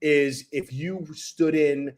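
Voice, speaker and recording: A man co-hosting a casual podcast chat, telling stories in an animated way with rapid asides. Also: a little high. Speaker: co-host.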